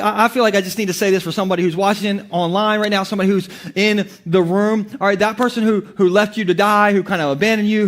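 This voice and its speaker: A male pastor preaching a sermon in a playful, joking, conversational way, with many restarts. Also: sits high.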